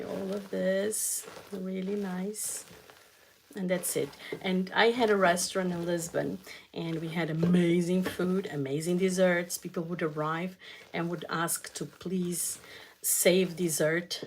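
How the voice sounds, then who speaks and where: A woman hosting a cooking channel, telling a family story in a casual, halting way while she cooks, with many fillers and restarts. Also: fairly low pitch, gravelly, a little hiss or hum.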